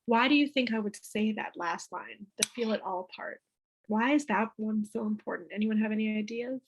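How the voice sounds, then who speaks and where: A woman's voice: medium pitch, moderate pace, noisy background. A woman leading a parenting workshop for a group, chatty and peppering her talk with "right?". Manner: chatty, keeps asking "right?".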